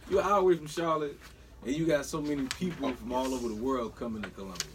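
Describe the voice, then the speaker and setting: A man's voice: medium pitch, steady tone, far from the mic, a little hiss or hum. A man from South Carolina with its accent, chatting easily as a guest on a radio show. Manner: easygoing, quick, laid-back. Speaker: studio guest, social media comedian. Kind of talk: casual interview chat. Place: radio studio.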